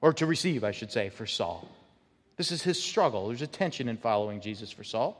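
A man's voice: on the low side, lively intonation, brisk, breathy edge. A man preaching a sermon as pastor, emphatic and often repeating his words as he builds a point. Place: church sanctuary. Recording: long hall reverb.

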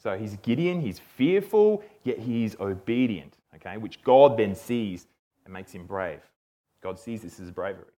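A man teaching a Bible passage in a relaxed, conversational way, often checking in with "okay?". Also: lowish voice, a little slow. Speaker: preacher.

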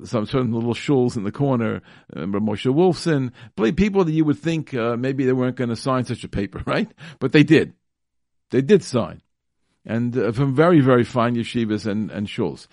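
A male radio host talks through a call-in show in a casual, emphatic way, stumbling over restarts and fillers before pressing his point. His voice sits at an ordinary middle pitch. The studio sound is dry, with no room echo. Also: darkish tone. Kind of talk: casual talk radio commentary.

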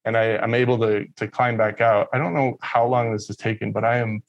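A man's voice: on the low side, steady tone, brisk, vocal fry, muffled recording. A man from Texas telling a story in casual conversation, rambling and profane, with lots of fillers.

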